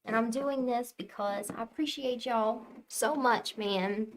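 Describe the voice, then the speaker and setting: A young woman chatting casually with her viewers on a tarot reading livestream, telling stories in an animated way. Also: a little high, unhurried, a little hiss or hum. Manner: chatty, animated storytelling, talks to chat. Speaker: tarot reader livestream host.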